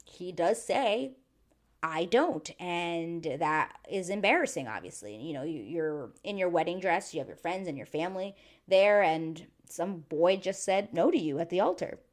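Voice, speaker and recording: A woman giving a chatty, animated recap to her channel viewers, acting out quotes as she goes. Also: fairly low pitch, a little slow. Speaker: YouTube reviewer. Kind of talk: casual recap monologue.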